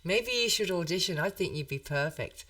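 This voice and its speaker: Woman host, Birmingham accent, chatty, lively pitch, laughs often, a little far from the mic. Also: normal speed. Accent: Birmingham English. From England. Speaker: podcast host. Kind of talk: casual interview chat.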